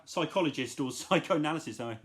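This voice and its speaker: A man's voice: fairly high pitch, fast talker. A middle-aged man casually chatting about his record finds, enthusiastic and rambling, with self-deprecating asides. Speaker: vinyl collector vlogger. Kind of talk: casual chat.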